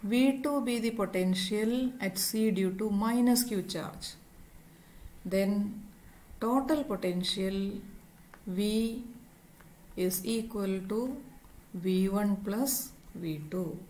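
Slow, deliberate woman teaching physics. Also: mid-range voice, darkish tone, rough recording. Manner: deliberate, spells out each term and symbol. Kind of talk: slow, step-by-step lecture.

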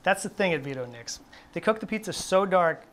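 A man working as a test cook, giving a steady, step-by-step cooking demonstration in a test kitchen studio. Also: high voice, brisk. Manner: steady, instructive, explaining each step.

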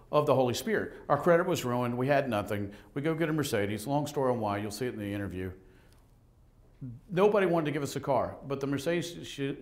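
Animated, lively-voiced male pastor. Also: mid-range voice. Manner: animated, joking, acts out conversations. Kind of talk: lively sermon with storytelling. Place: church sanctuary.

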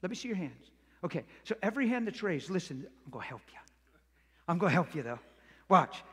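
A man preaching a sermon as a pastor, animated and acting out the voices he quotes, recorded in a church sanctuary. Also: high-pitched, brisk, husky. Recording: echoey church hall reverb.

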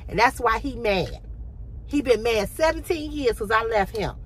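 A middle-aged woman vlogging to her phone camera, blunt and profane, with a throat tickle, going from low talk to impassioned near-shouting. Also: expressive, normal speed, a little hiss or hum. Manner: preachy, rising to impassioned shouting.

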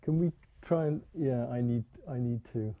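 A man giving a technical lecture in a lecture room, halting with many ums and restarts. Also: medium pitch, muffled recording. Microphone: lapel or stage microphone.

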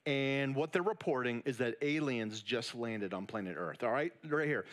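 A man's voice: medium pitch, animated, moderate pace, few pauses, a bit bright. A middle-aged man preaching a sermon from a church stage, casual and conversational, often checking in with the crowd. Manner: casual, conversational preaching with frequent "all right?" check-ins. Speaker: pastor.

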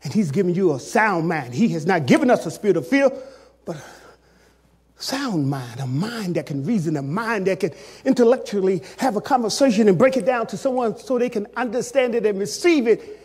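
A man preaching a sermon as pastor, talking straight to the congregation in a colloquial way, dropping to soft, drawn-out phrases and then rising to shouted climaxes. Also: sits high, animated, husky. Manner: colloquial, addresses the congregation directly.

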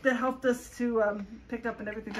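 High-voiced woman vlogging at home. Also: fairly even intonation, fast, recorded from a distance, heavy background noise. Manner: bantering, laughing often. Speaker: vlogger host. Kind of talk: casual chat. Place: home, indoors, after a family dinner. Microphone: phone camera.

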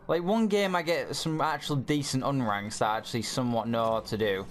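A man's voice: mid-range voice, animated, brisk, hardly any pauses, faint music behind. A young man giving live gameplay commentary, swearing and ranting at his teammates in frustration. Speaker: gamer.

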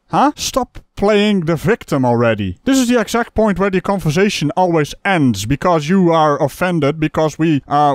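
A man's voice: fairly high pitch, no echo, studio quality. A man hosting a reaction video, mocking the clip he plays with scornful, chuckling sarcasm. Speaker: commentary host reacting to a video.

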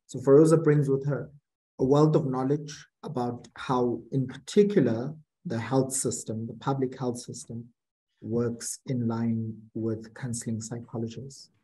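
A man chairs a webinar over a video call, introducing the next speaker. His voice is mellow and mid-pitched. He speaks in a measured way, with frequent fillers. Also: low-quality recording. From South Africa.

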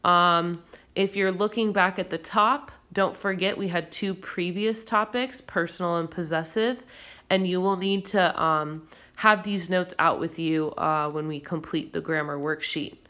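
A woman teacher explaining a recorded grammar lesson patiently and clearly, with occasional fillers. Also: on the low side, steady tone, a little slow, a bit bright.

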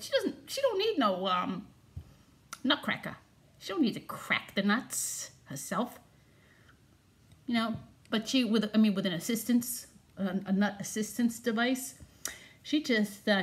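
A woman in a comedic character monologue, chatty and digressive, losing her train of thought and talking in tough slang. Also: fairly high pitch.

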